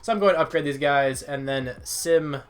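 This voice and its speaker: A man's voice: a little high, normal speed, clean tone. A young man giving casual, rambling commentary over a football video game, chatting easily with his viewers from a desk mic at home. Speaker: gaming YouTuber. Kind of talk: casual let's-play commentary.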